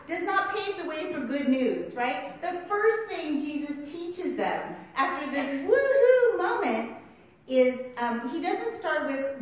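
A woman preaching a sermon in a lively, laughing way, often checking in with "right?". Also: high voice, slow. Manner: animated, laughing, tags lines with "right?". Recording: very echoey room.

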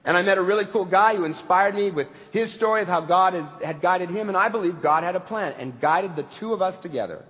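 A man's voice: high-pitched, brisk, hardly any pauses, fairly bright tone. A man pastor giving a sermon, telling stories earnestly and building to emphatic peaks. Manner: earnest storytelling preacher, building to emphatic climaxes. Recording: reverberant hall, dull lo-fi sound.

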